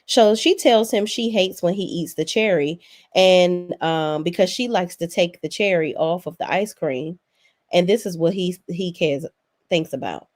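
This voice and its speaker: Woman, lowish voice, sassy and profane, casual recap host talking back to the screen. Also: a little mellow. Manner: sassy, blunt, profane, talks straight to the cast. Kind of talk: casual opinionated recap commentary.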